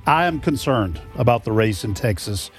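A man co-hosting a radio talk show, speaking in a measured, slightly worried way. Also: mid-range voice, lively intonation, soft background music. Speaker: radio co-host. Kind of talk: casual political chat.

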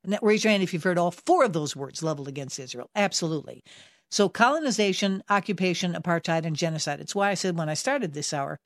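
A woman's voice: on the low side, expressive, fast talker, no room sound, studio quality. A woman hosting a Christian radio talk show, speaking emphatically and conversationally and building toward pointed questions.

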